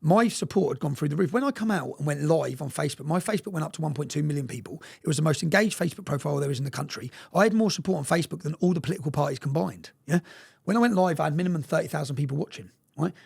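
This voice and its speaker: A man's voice: on the high side, expressive, very fast, creaky, darkish tone, breathy edge. A man telling his story in an interview, emphatic and swearing often, checking in with his listener as he goes. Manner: emphatic and profane, keeps checking in with "yeah?". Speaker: interview guest.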